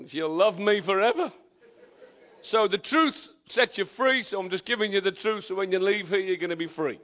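An older man with an English accent, preaching a lively, joking sermon in a church. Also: sits high, moderate pace. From England. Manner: exuberant, shouting praise, joking with the congregation. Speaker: visiting preacher.

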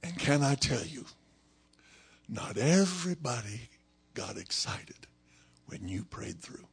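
A man preaching a sermon, telling a story dramatically and swinging from shouts down to whispers. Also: medium pitch, big pitch swings, slow pace, creaky, husky.

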